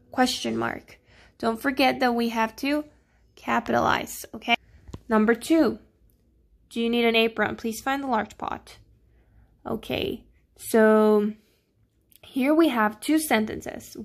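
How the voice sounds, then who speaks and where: A woman with a slightly high, creaky voice teaches children a grammar lesson. She goes slowly and patiently. She keeps checking in with "okay?" and "right?"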